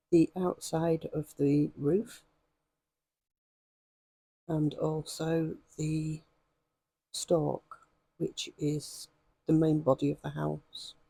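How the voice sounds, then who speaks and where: A woman with a hoarse voice, chatting and rambling with many ums as she demonstrates stitching in a craft vlog. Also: deep voice, mellow, dry recording. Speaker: craft vlogger.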